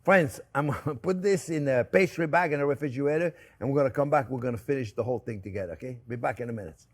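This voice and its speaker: A man's voice: medium pitch, fast. An older man with a French accent, chatting and joking with viewers as he demonstrates a recipe in his kitchen. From France. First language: Italian and French. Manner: chatty, joking, animated, addresses viewers as friends. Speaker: chef. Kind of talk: cooking demonstration.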